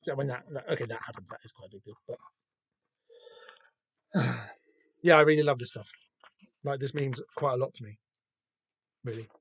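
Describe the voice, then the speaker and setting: A man with a Southern English accent talks through comic pages in a loose, rambling podcast chat. He swears freely and pokes fun at himself, at an ordinary middle pitch. The sound is dry and close to the mic. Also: moderate pace, vocal fry, long pauses, breathy edge, no echo. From Southern England. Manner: rambling, sweary, self-deprecating. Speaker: podcast host. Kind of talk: casual comic-book commentary.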